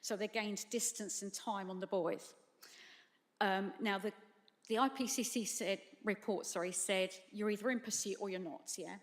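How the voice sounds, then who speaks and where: A woman's voice: mid-range voice, fairly even intonation. Tearful mother in a hall. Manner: halting, apologetic, tearful at times. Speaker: bereaved mother giving testimony. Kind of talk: emotional public testimony. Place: large hall at a public tribunal. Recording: long hall reverb.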